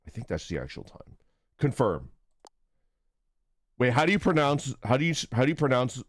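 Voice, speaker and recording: A man's voice: mid-range voice, very animated, normal speed, no room sound, clean studio sound. A man streaming a game, laughing a lot and getting flustered as he struggles to read German menus. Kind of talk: casual gameplay livestream.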